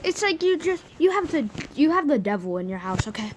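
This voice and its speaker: A woman hosting a casual reaction video, chatty with quick remarks and fillers. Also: sits high, very animated, noisy background. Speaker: host. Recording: music from video behind voice. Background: music.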